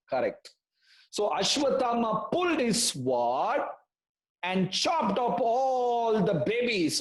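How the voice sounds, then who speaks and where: A man telling a story in an online class for children, animated and asking the class questions. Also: sits high, roomy sound, low-quality recording. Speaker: storytelling teacher.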